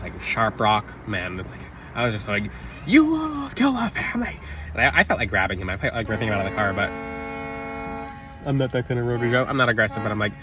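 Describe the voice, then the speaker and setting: A man telling a personal story in a casual, rambling monologue, interrupting himself and bursting into loud re-enacted shouts. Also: fairly low pitch. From Florida. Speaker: religious vlogger. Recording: slightly distant mic, faint outdoor traffic noise.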